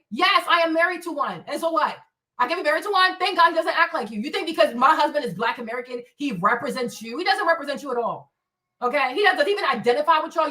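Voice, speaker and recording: High in pitch and sharp in tone, an African woman rants alone on her livestream, heard through a slightly distant mic. She's blunt, profane and confrontational, repeatedly adding "right?" to her lines.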